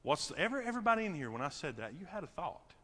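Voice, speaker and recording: Preacher in a reverberant church. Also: male voice, on the high side, very animated, rapid-fire. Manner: swings from shouting to quiet, intimate near-whisper. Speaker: pastor. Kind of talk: sermon. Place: church sanctuary.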